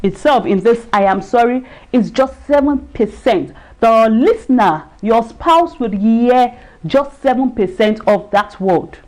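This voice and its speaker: A woman's voice: fairly high pitch, a little slow, a little mellow. A woman giving a talk on marriage in a live video stream, earnest, repeating herself and searching for words. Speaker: marriage enrichment speaker. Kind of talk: livestream talk.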